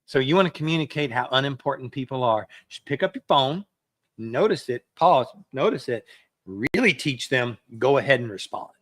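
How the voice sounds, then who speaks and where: A man's voice: mid-range voice, animated, moderate pace, fairly bright tone, dry recording. A man preaching a sermon as a pastor, in a conversational way that acts out everyday excuses.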